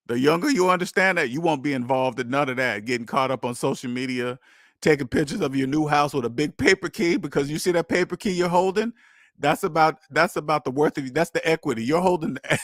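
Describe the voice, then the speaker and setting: A man hosting a casual monologue, animated and laughing, acting out mock voices and firing rhetorical questions. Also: a little high, brisk, no echo, clean studio sound. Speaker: host.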